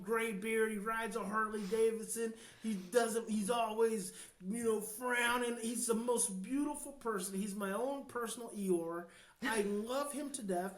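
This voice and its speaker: An American man, a guest expert on a podcast, talking passionately and earnestly, dropping to a hush and then building to emphatic points. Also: high-pitched, echoey room, rough recording. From United States. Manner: passionate, slows down to near-hushed then swells with emphasis. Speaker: guest, child behavior expert. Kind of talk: podcast interview, earnest advice.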